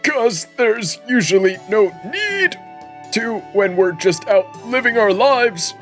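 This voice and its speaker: A man's voice: high-pitched, animated, a bit bright, faint music behind, voice pushed up, heavily acted. A man putting on a chatty old village man. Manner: chatty, drawn-out, folksy. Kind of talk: game dialogue read aloud by a streamer.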